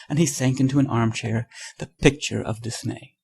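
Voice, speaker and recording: A man reading a classic short story aloud in measured, scripted narration. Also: medium pitch, fairly even intonation, gravelly, a little mellow, slightly rough. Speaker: audiobook narrator.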